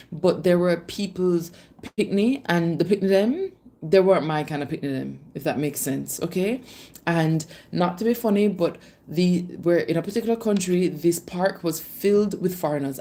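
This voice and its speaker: A woman's voice: on the low side, warm tone. A woman in her thirties chatting on a live stream, telling stories in a chatty way and calling viewers babe and darling. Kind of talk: casual live-stream chat.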